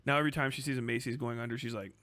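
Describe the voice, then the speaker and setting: A man's voice: medium pitch, fairly even intonation, very fast, pushed and bright, dry recording. A man streaming casual commentary, crude and sarcastic, rambling and swearing often.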